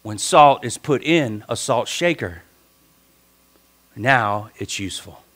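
A male pastor preaching a sermon, swinging between quiet talk and emphatic shouted passages, with the congregation repeating phrases after him. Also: medium pitch, lively intonation, takes it slowly.

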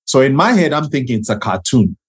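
A man, an actor guest, telling a casual story in an animated, slangy way and acting out quotes. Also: mid-range voice, brisk, slightly rough.

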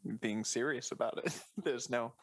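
Deadpan joking man, dry close sound. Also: medium pitch, moderate pace, no echo. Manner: spins absurd running bits with deadpan wordplay. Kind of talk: improvised comedy banter.

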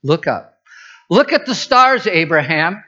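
A man's voice: on the high side, big pitch swings, unhurried, bright, forceful tone, lo-fi sound, exaggerated voice. A man voicing God as a patient, encouraging male figure, coaxing and pointing things out.

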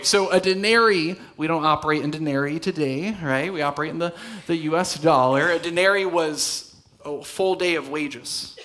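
A male pastor preaching a conversational sermon in a church, dropping to soft, intense tones for emphasis. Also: on the high side. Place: church hall.

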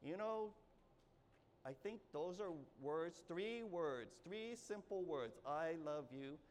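A male pastor preaching with a high voice, earnest and coaxing, with plenty of repetition. His voice carries through a reverberant church hall over a faint background hum. He speaks to the congregation with warm asides between points. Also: animated, takes it slowly. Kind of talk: sermon. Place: church sanctuary.

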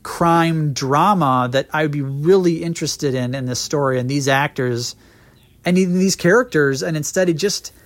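Casual podcast co-host, man in his thirties, a bit high-pitched, wry and chatty. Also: moderate pace. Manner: joking, talks in long flowing run-on sentences. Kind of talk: casual movie review chat.

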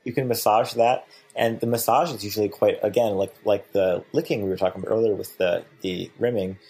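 Fast-talking husky man. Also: lowish voice, fairly even intonation, a little mellow. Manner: laid-back, self-deprecating, with frequent fillers. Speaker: podcast co-host. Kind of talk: casual frank sex-education chat.

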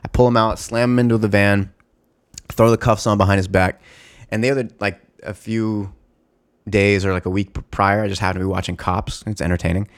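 Profane, animated man telling a story. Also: fairly low pitch, brisk, smooth. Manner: animated, profane, many fillers and restarts. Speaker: former store security guard. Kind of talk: casual storytelling.

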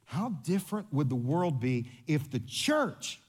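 A man preaching a sermon, animated and playful, joking with the congregation. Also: on the high side, unhurried, breathy edge. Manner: animated, playful, coaching volunteers on stage. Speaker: pastor.

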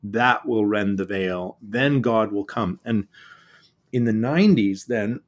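In a reflective conversation, a middle-aged male author speaks with earnest intent, frequently stopping and repeating himself, his voice fairly low.

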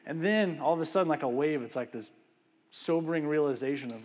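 A man preaching a sermon in a conversational, animated way, often tagging his sentences with "right?" and "man.". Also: fairly high pitch, fast talker, in a large hall. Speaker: pastor. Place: church sanctuary.

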